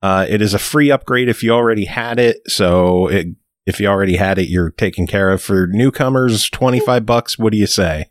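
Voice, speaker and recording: A man hosting a podcast, briskly reading game prices and credits before handing over to a co-host. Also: on the low side, dry recording, studio quality. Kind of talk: casual chat, reading game details.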